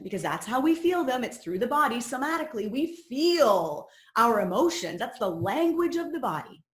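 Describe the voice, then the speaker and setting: A woman coach leading a personal growth course, sharing her own story in an earnest, reflective teaching talk. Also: medium pitch. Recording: roomy echo.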